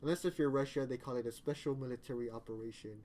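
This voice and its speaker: A man's voice: medium pitch, quick pace, dark tone, slight background noise. A man chatting casually on a live stream, rambling and joking, often correcting himself mid-sentence.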